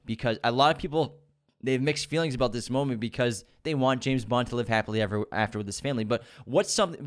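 A man in a casual podcast film review, talking in an everyday mid-pitched voice. He gets animated and acts out characters' lines as he retells the plot. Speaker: podcast co-host.

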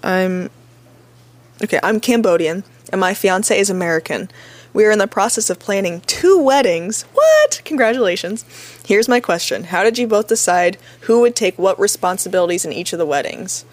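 A woman's voice: medium pitch, normal speed. A young woman co-hosting a podcast, reading listener questions aloud and giving earnest, supportive advice in a casual tone. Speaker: podcast co-host.

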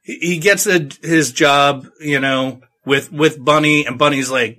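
Bright-voiced, rambling, irreverent man. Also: a little high, steady tone, measured pace. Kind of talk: casual book recap.

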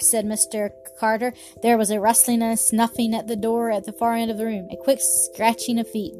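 A woman reads a storybook aloud in a steady, measured way. Her voice sits fairly high, and quiet music runs faintly underneath. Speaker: narrator. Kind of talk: storybook narration.

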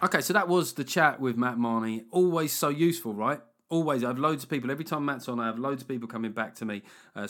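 Jokey man hosting a podcast. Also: mid-range voice. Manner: jokey, banter-filled, laughs often. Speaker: podcast host. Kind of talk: casual chat.

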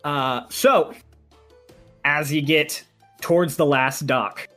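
A man narrating a tabletop game as game master, describing scenes in an unhurried way with small fillers. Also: a little high, steady tone, sharp tone, soft background music.

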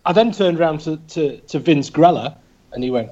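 A man's voice: a little high, expressive, a little fast, mellow, lo-fi sound. A man, a podcast co-host telling wry, self-deprecating anecdotes in a casual way. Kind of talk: casual storytelling.

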